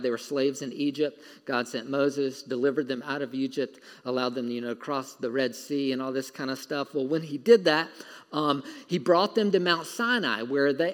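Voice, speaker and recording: A man preaching a sermon, retelling a story with lively, informal storytelling and a laugh now and then. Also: a little high. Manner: animated storytelling, acting out voices, laughing. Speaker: pastor. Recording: long hall reverb.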